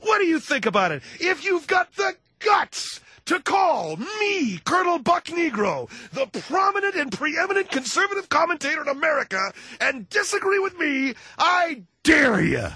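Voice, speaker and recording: A man playing a loud, bigoted male talk radio commentator who shouts and blusters at callers. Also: very high-pitched, sing-song, moderate pace, no room sound, full character voice. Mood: blustering. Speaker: radio show host. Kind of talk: comedic talk radio character.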